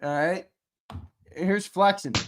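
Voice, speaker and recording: A man hosting a sports live stream in a loose, joking way. He laughs easily and chats with viewers as he reads their comments. His voice sits a little high for a man. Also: takes it slowly, noisy background. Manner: laughing, playful, reads chat aloud. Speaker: podcast host. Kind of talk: casual live-stream banter.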